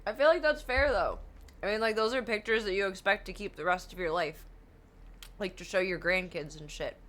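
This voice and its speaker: A woman's voice: mid-range voice, a little fast, fairly bright tone. A woman streaming a video game, chatting casually, swearing freely and breaking into laughing shrieks. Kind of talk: casual gameplay chat.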